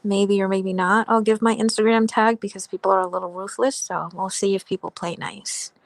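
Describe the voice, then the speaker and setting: A woman's voice: mid-range voice, steady tone, a little fast, dry recording. A woman who reads tarot, joining a podcast as a guest and chatting in an upbeat way. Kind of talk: casual call-in chat.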